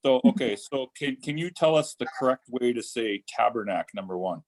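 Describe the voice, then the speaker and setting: A man's voice: medium pitch, animated, a little fast. A man co-hosting a podcast, asking questions in a playful, bantering way during a casual interview. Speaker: podcast co-host.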